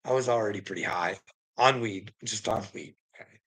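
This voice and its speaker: A man's voice: lowish voice, a little fast, a bit bright, breathy edge, poor audio. A man telling a rambling personal story, swearing a lot and laughing often between lines. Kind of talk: casual storytelling monologue.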